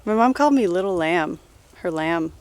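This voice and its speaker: A woman in her thirties answering personal questions in a relaxed, rambling way, full of fillers and laughs. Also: fairly low pitch, normal speed. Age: 30s. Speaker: interviewee. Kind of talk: casual personal Q&A.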